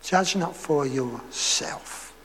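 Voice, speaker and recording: High-voiced Essex preacher in a reverberant hall. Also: male voice, drawn-out words. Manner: lively storytelling, laughs and acts out quotes. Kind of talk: sermon. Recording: echoey hall with faint background noise.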